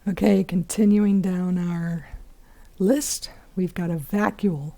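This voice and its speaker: A hoarse woman teaching biology in a chatty recorded lesson, with many fillers and whispery asides. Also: fairly low pitch, steady tone, slow pace, mellow.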